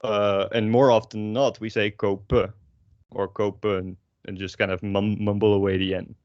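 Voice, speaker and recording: A man's voice: lowish voice, little pitch movement, fairly quick, darkish tone, no room sound, dull audio. A young man with a Dutch accent, teaching a language lesson in a rambling way with many fillers and self-corrections. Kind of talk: online lesson. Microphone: own microphone with a pop filter.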